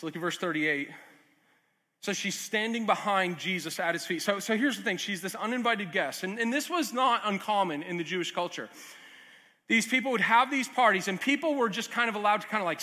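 A man with a very high, bright and sharp voice preaches a fairly quick sermon with lively intonation. This pastor stays earnest and chatty, slipping in asides and small jokes, while the church hall lends a long reverb.

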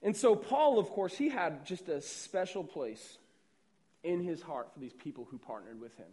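A young man delivering a sermon in a relaxed, conversational pastor's voice that sits high for a man. He often repeats himself and checks in with the room. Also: normal speed. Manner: conversational, repeats words and asks "right?".

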